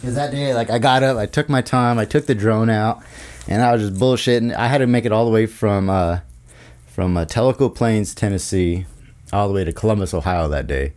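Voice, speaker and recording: A man talking as a podcast guest in a studio, telling a story in casual, profane, animated chat. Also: fairly low pitch, fairly quick. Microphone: studio podcast mic.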